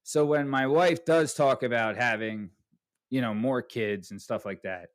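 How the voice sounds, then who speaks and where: A man's voice: medium pitch, a little slow. A man hosting a podcast, telling a story casually and profanely, tagging lines with "right?". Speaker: podcast host.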